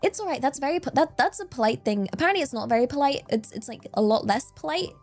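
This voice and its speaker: A woman's voice: high-pitched, expressive, fast talker, darkish tone, soft background music. A woman with an English accent, chatting casually as a streamer, rambling and playful with lots of fillers. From England. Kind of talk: casual chat.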